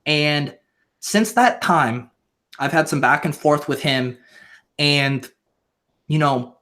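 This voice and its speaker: A man's voice: fairly high pitch, big pitch swings, a little slow, a bit bright. A man guesting on a live stream, talking in a theatrical, mock-emotional, rambling comedic way.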